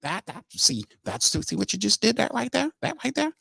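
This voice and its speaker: A man's voice: wildly swooping pitch, normal speed, gravelly, sharp tone, husky, no room sound, studio quality, heavily acted. A man putting on the voice of a fussy male team executive who primly scolds a critic. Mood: prissy scolding. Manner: squeaky, prim, scolding.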